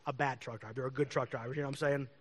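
A man's voice: mid-range voice, steady tone, racing. A man who is a pastor, telling stories in a chatty, rambling way and laughing often. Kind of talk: casual storytelling.

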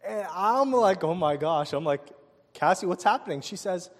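A man preaching a sermon, telling a personal story with animated delivery, asking the crowd questions and chuckling often. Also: high-pitched, moderate pace. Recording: long hall reverb.

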